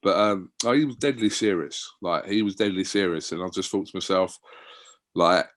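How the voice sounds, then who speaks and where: Low-voiced man telling stories. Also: normal speed. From Wickford, England. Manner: relaxed storytelling, many fillers. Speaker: guest. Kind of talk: casual interview chat.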